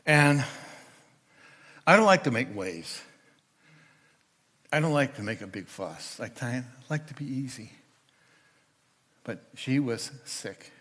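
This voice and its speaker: An older man giving a storytelling sermon as a guest speaker in church, sometimes voicing the people in his stories loudly. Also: mid-range voice, animated, slow pace, pauses often. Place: church sanctuary.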